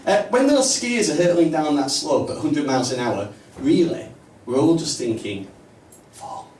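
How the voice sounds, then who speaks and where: A man with a Northern English accent doing a stand-up comedy set in a small pub club, with punchy, deadpan delivery. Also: a little high, normal speed, a little hiss or hum. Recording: roomy, distant live mic, faint ambience.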